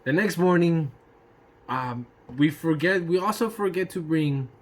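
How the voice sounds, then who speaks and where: A man telling a casual personal anecdote in an animated way, swearing freely and throwing in sound effects. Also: on the high side, a little slow. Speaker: storyteller.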